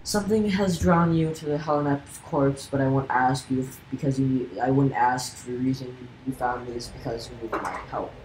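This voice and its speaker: A woman reading aloud the lines of a grim old snail shaman, in a roomy recording with steady background noise. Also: extremely low pitch, normal speed, few pauses. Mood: ominous.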